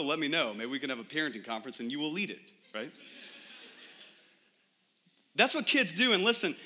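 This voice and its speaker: A man's voice: on the high side, pushed and bright. A young adult man preaching a sermon in church, conversational, with frequent rhetorical questions to the congregation. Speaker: pastor.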